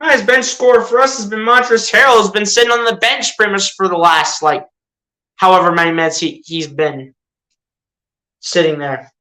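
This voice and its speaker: Bright-voiced fan doing live play by play, fed up, chatty, keeps fixing slips and repeating stuff. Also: medium pitch, fairly even intonation, normal speed, rough recording. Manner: exasperated, rhetorical questions at the team; chatty, self-correcting, repeats itself.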